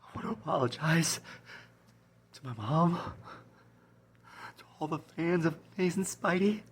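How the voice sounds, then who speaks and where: A woman's voice: low-pitched, expressive, unhurried, slightly rough, exaggerated voice. Woman playing a sobbing, guilt-wracked fantasy manager. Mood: tearful, guilty. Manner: sobbing, whispering, swinging between panic and despair. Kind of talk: comedy skit.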